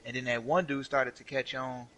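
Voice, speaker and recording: A man's voice: mid-range voice, normal speed, a little hiss or hum, low-quality recording. A young man streaming a game, casually telling a profane, slangy work story and acting out what people said. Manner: animated, profane, slangy, acts out quotes. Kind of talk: casual storytelling while gaming.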